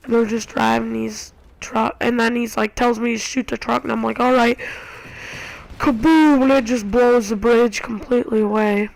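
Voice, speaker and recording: A woman giving casual gameplay commentary, excitable and acting out her own reactions. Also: fairly high pitch, vocal fry, dry recording, rough recording. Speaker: gamer. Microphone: console share recording.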